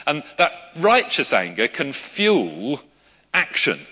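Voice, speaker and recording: A man's voice: medium pitch, huge pitch swings, slow pace, pushed and bright. A middle-aged man preaching a conversational sermon to a congregation, with small asides and a light laugh now and then. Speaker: pastor. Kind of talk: sermon with a live demonstration. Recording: reverberant church hall.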